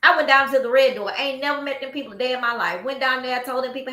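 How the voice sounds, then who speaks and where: A woman's voice: high voice, rapid-fire, few pauses. A woman with a Southern US accent hosting a casual chat, telling stories with animation and acting out what people said. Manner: animated storytelling, acts out quotes. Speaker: host. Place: office room. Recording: echoey room.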